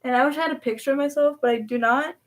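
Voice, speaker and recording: A woman's voice: high voice, very fast. A woman vlogger telling a personal story in a rambling way, full of fillers and restarts. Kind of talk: casual storytelling vlog.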